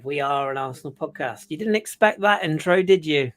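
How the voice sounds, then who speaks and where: A man's voice: on the high side, animated, fairly quick. A man hosting a podcast in casual, jokey chat. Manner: jokey, self-mocking banter. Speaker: podcast host.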